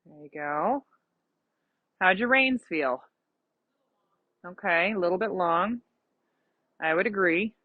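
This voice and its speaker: A woman's voice: on the low side, slow pace, long pauses, no echo, narrow, tinny audio. A woman coaching a rider through a lesson, explaining patiently with examples and giving encouragement. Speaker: riding instructor. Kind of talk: live coaching during a riding lesson.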